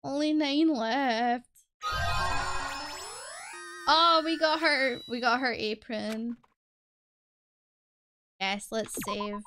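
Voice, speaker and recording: Excitable high-voiced woman streamer. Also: soft background music. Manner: excitable, quick reactions, swears. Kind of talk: casual game let's play.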